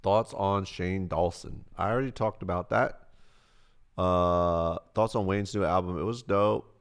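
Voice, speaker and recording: A man's voice: low voice, steady tone, a little slow, clean tone. A man on a livestream answering chat questions in a loose, rambling way, swearing freely, close to his mic. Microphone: close desk mic.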